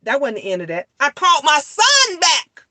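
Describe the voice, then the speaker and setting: A woman in her thirties telling a family story as a profane, animated rant, repeating lines for emphasis. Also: high-pitched, moderate pace, dry recording.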